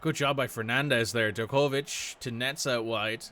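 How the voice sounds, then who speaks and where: A gaming streamer with a mid-range, steady, sharp-toned voice talks at a moderate pace. He casually comments while playing a football management game, thinking aloud and reacting to the match in let's-play style.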